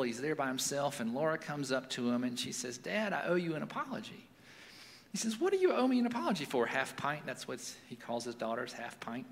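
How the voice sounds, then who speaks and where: Man, forties, pastor, chatty sermon storytelling, fairly high, bright tone. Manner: conversational storytelling with fillers. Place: church sanctuary. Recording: long reverb of a large hall.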